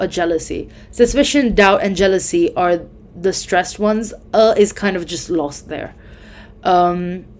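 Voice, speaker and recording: A woman's voice: fairly low pitch, a little mellow. A young woman giving casual exam tips, chatty and full of fillers, often correcting herself mid-sentence. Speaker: student tutor.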